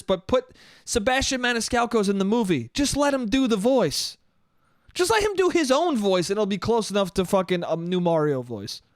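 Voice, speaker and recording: In clean, echo-free studio sound, a young man with a high-pitched voice rants solo on his own comedy podcast. He rambles, swears and says "dude" a lot.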